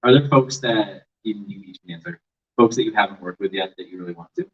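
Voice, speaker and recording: A man with a husky, breathy voice reads out audience questions softly and hesitantly. He sounds set back from the mic. The audio is muffled and dull. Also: on the low side, fast. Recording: distant, muffled live-stream audio.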